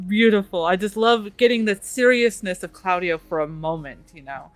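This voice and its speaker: A woman's voice: fairly low pitch, lively intonation, moderate pace, dry recording, soft background music. A woman game master chatting after a tabletop game, gushing and full of fillers and restarts. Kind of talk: post-game wrap-up chat.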